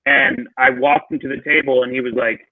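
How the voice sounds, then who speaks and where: A man co-hosting a podcast, telling stories in an animated way with stumbling restarts. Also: mid-range voice, a little fast, no room sound. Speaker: podcast co-host. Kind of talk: casual chat. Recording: dry tinny phone-like line.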